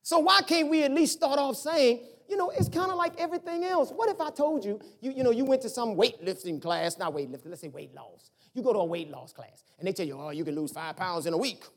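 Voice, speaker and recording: A middle-aged pastor preaching a sermon in a conversational, animated way, firing off rhetorical questions at the congregation. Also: sits high, brisk, hardly any pauses.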